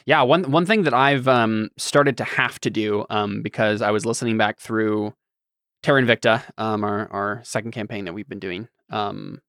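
A man's voice: fairly low pitch, steady tone, moderate pace, fairly bright tone, no room sound, studio quality. A man hosting a casual podcast chat and talking about running games, explaining in long, loose thoughts. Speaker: podcast host and game master.

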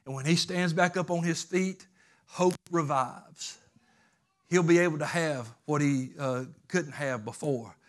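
A pastor with a fairly high male voice delivers a sermon, shifting between loud, urgent peaks and soft, low stretches. He repeats phrases for emphasis in a loose, colloquial style. His intonation stays fairly even, at a normal pace with hardly any pauses.

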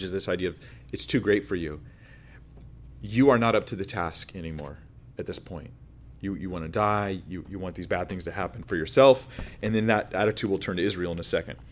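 A man preaching a sermon, reading scripture aloud and explaining it in an earnest, conversational way. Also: on the low side. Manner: conversational, earnest, with restarts and asides.

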